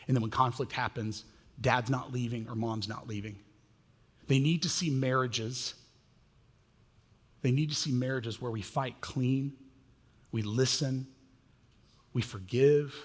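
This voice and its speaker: A man in his thirties preaching a sermon as pastor, animated and self-mocking as he tells family stories. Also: medium pitch, husky. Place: church sanctuary. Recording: long reverb of a church hall.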